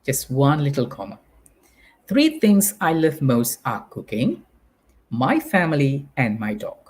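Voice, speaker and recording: A man with a Malaysian English accent teaching an online English class, talking to viewers with a lively, teacherly delivery. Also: medium pitch, measured pace, slightly rough. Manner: animated, exaggerates intonation to teach.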